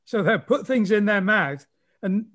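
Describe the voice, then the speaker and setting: A man's voice: high voice, lively intonation, measured pace, fairly bright tone. A man speaking as a guest in a casual conversation, thoughtfully explaining ideas on drawing at length, as an art teacher.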